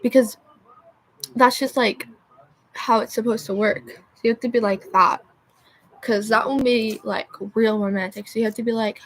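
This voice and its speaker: Chatting on a livestream, a young woman wanders off topic, loses her thread and fills gaps with endless filler words. She speaks at a normal speed in a steady, slightly high voice.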